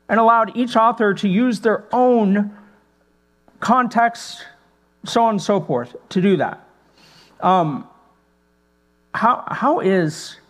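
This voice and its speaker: A man's voice: high-pitched, a bit bright. A male pastor giving a conversational teaching to preachers, thinking aloud with many rhetorical questions and fillers. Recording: long hall reverb with mains hum.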